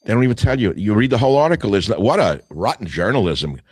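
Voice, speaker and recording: A man's voice: fairly low pitch, lively intonation, quick pace, breathy edge, no room sound. An older man hosting a talk radio show, reading headlines aloud and answering each with sarcastic, scornful asides.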